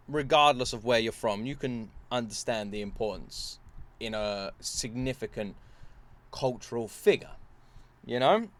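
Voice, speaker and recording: A man's voice: mid-range voice, a bit bright. A British man giving casual reaction commentary as a video host, earnest and rambling, with many fillers and restarts. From Britain.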